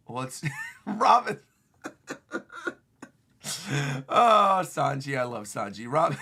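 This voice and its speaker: A man streaming a casual manga reaction, excited and often laughing as he reads lines aloud. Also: medium pitch, a little slow, creaky, pauses often.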